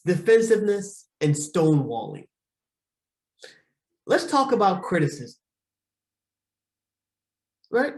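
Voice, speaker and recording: A man, a relationship counselor, teaching a group session and repeating key points slowly with frequent "right?" checks. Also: high voice. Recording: roomy echo.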